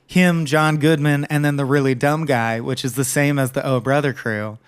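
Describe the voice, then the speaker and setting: A man's voice: medium pitch, steady tone, normal speed, smooth. A man co-hosting a podcast, talking through a film in casual, enthusiastic chat with the odd swear. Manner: enthusiastic, quotes dialogue and swears freely. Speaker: podcast co-host.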